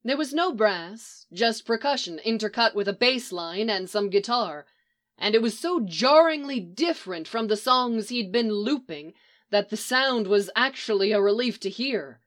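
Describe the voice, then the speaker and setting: A woman's voice: medium pitch, expressive, a little slow, a bit bright. Woman narrating a story steadily. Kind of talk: audiobook narration of fan fiction.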